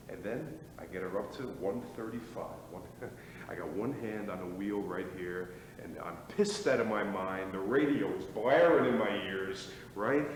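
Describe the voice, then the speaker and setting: A man on stage playing a restless, boastful middle-aged former athlete, rambling and swaggering, prodding his listeners with "right?" and "boy", recorded live in a small theater. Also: lowish voice. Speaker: stage actor. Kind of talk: live stage play acting. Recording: echoey theater stage, distant mic, noisy.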